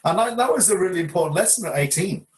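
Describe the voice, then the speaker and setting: A man from England, co-hosting a podcast, telling a story in a relaxed way with fillers. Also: high voice, fast. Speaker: podcast co-host. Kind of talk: casual storytelling chat.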